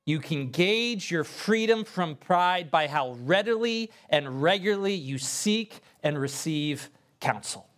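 A man's voice: animated, slow pace, few pauses, fairly bright tone. Earnest male pastor preaching emphatically. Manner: earnest, emphatic preaching with sudden rises in pitch and pace; addresses the congregation directly and conversationally. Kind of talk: sermon.

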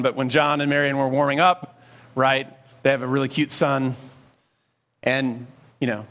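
A male pastor preaching a sermon in a conversational, animated way, with frequent rhetorical questions and asides to the congregation. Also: a little high.

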